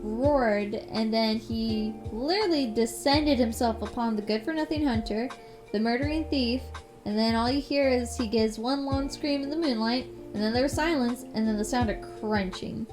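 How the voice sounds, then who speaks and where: Woman, streamer, higher voice, profane, rambling, casual scary story reading. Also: normal speed, music in the background. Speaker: live streamer.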